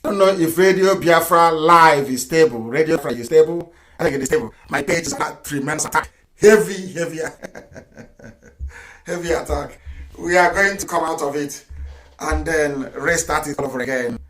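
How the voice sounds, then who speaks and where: Emphatic Nigerian man, bright and echoey. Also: fairly high pitch, moderate pace. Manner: emphatic, repeats phrases, chuckles between lines. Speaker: live broadcaster. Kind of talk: live radio and online broadcast address.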